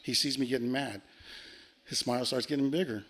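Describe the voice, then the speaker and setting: A man telling a long ghost story on a podcast, animated and profane, acting out the lines he quotes. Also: mid-range voice, fairly quick. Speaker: podcast guest. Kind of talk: casual storytelling.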